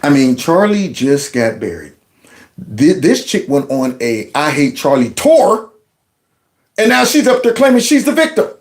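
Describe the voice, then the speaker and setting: A man's voice: on the high side, very animated, unhurried. A middle-aged man, a former school principal, hosting a reaction commentary and talking back at clips in an indignant, mocking way.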